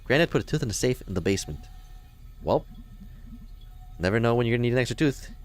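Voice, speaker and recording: Fast-talking and lively in intonation, this young man from Chicago in the US Midwest has a medium-pitched voice. He hosts a let's play, casually commenting, joking, and talking back to the characters in the game.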